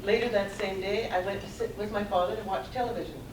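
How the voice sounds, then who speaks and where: A middle-aged woman speaks to a conference audience, telling her story in an earnest, measured way. She is heard from some distance in a roomy space. A steady background noise sits under her voice. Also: medium pitch. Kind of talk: prepared personal talk read aloud. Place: conference room.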